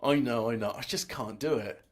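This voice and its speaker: A man's voice: mid-range voice, moderate pace. A man chatting casually while editing audio as a music producer, rambling and mocking himself as he thinks aloud. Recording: music playing loudly alongside.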